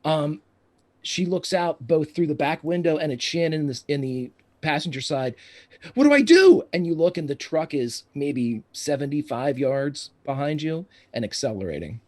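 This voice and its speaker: A man running a tabletop game as game master, describing scenes in steady narration. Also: a little high, normal speed.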